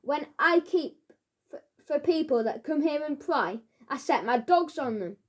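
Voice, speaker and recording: A woman doing a surly shouting caretaker man. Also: high voice, lively intonation, a little slow, pitched above the performer's own voice. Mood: angry shouting. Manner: shouting, threatening. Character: surly bad-tempered male caretaker, gruff middle-aged. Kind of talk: children's audiobook character voice.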